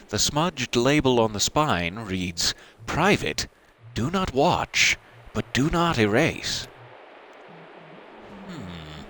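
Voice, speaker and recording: A man's voice: fairly low pitch, sharp tone, slight background noise, rough recording. A man hosting a let's play, reading the game's text aloud and adding dry, self-mocking asides.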